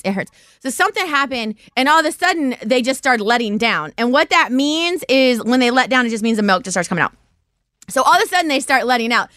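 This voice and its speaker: Lively high-voiced woman host. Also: dry recording, clean studio sound. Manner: animated, laughing often, acting out quotes. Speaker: podcast host. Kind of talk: casual live-stream storytelling.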